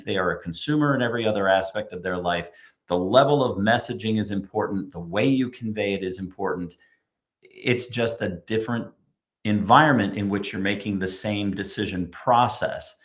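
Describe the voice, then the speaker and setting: A man's voice: fairly low pitch, fairly bright tone. Emphatic, persuasive man on a podcast. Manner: emphatic and persuasive, acts out quoted customers. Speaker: guest, chief creative officer. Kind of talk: podcast conversation.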